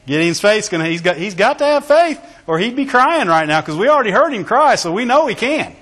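A man with a high, lifted voice preaches to his congregation, leaning hard into each point and punctuating it with shouted praise and questions for the room. His words ring out into a large church sanctuary and hang in a long reverb. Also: big pitch swings, brisk. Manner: emphatic, with call-and-response exclamations. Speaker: pastor. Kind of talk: sermon.

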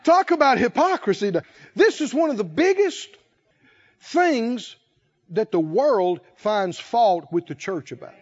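Male preacher, high and lively, folksy and chuckling, on a dull low-fi recording. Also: unhurried. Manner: animated, folksy, laughs often, acts out voices. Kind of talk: sermon. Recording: dull lo-fi sound.

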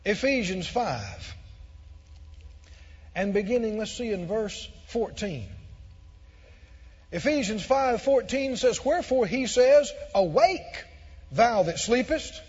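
A man preaching a sermon to a congregation, emphatic and repetitive, building to loud shouted peaks. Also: high-pitched, lively intonation, slow pace, long pauses, husky, big-room sound, muffled recording. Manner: emphatic, repeats phrases, swells to shouts.

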